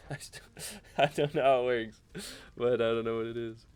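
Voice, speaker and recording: A young man chatting casually in a rambling, animated way while playing a video game for his channel. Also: mid-range voice, normal speed, clean tone. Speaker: gaming channel host. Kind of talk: casual let's-play commentary.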